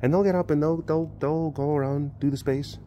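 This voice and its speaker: A man, an animal keeper vlogging outdoors by the enclosures, chatting in a rambling, excitable way with lots of fillers. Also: a little high, a little fast, a little hiss or hum. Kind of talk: casual vlog chat.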